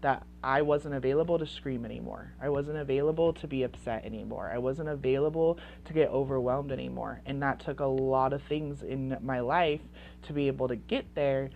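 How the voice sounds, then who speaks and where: Over phone-quality sound with a little hiss or hum, a woman in her thirties talks fairly quickly in an extremely low, creaky voice with fairly even intonation. This parenting coach addresses the camera bluntly and passionately, cursing and repeating phrases for emphasis.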